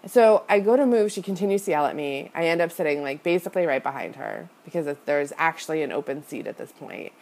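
A woman's voice: low voice, lively intonation, fast talker, few pauses, darkish tone. A woman hosting a podcast, telling a personal story in a chatty, confessional way, full of "like" and "you know", and talking straight to her listeners. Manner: confessional, addresses listeners directly. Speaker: podcast host and business coach. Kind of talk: casual storytelling monologue.

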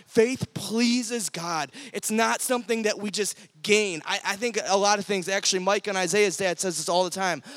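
A man's voice: sits high, dry recording. A young adult man preaching to a youth group, telling stories with energy and acting out the voices of the people in them. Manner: energetic storytelling, acts out quoted voices. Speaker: youth pastor. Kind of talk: sermon.

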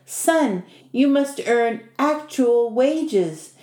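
A woman's voice: fairly high pitch, lively intonation, very slow, dark tone, roomy sound, pitched above the performer's own voice. A woman voicing a poor old peasant mother who pleads and laments, reading a folk tale aloud. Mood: lamenting.

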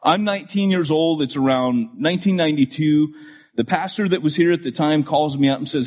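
A pastor in his forties, a man, telling stories from his ministry to a live church audience, animated and full of restarts and asides. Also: fairly high pitch, brisk, slightly rough. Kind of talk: storytelling sermon to a live audience. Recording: dull lo-fi recording.

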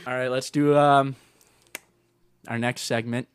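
Teasing young podcast host. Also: male voice, medium pitch, little pitch movement, over loud music. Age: young adult. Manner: teasing, quick banter. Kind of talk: casual chat.

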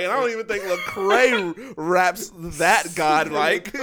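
A man's voice: high-pitched, lively intonation, unhurried, hardly any pauses, fairly bright tone. A man co-hosting a casual chat about movie ratings, laid-back and slangy, laughing often. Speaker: podcast co-host.

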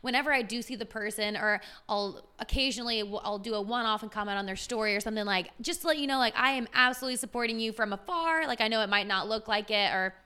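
Bright, upbeat woman in her twenties. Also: on the high side, fast, hardly any pauses, smooth. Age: 20s. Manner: enthusiastic, filler-heavy, uses slang. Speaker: fitness trainer guest. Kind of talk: casual podcast chat.

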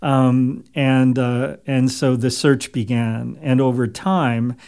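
Gravelly man, thoughtful and measured. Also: medium pitch, steady tone, darkish tone. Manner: thoughtful, measured, many pauses and fillers. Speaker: author and guest. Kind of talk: reflective interview talk.

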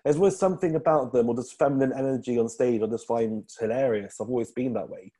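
A man's voice: medium pitch, fast talker, mellow, breathy edge. A man, a comedian chatting as a podcast guest, rambling with lots of ums and restarts. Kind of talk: casual interview chat.

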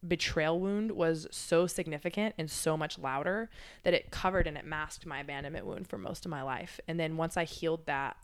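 A woman's voice: low-pitched, normal speed, smooth. A woman in casual chat as a podcast guest, speaking candidly and reflectively, swearing freely and using lots of filler words.

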